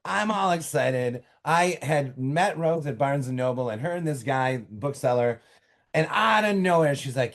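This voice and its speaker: Excitable man telling stories. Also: mid-range voice, gravelly. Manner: animated storytelling with quick asides and restarts. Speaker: author guest. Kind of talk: casual interview talk. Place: home office.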